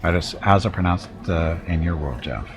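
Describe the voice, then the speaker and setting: A man's voice: low voice, moderate pace. A man with a Southern Californian accent giving rambling, self-deprecating commentary while live-streaming a game. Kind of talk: casual live gameplay commentary. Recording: noisy background.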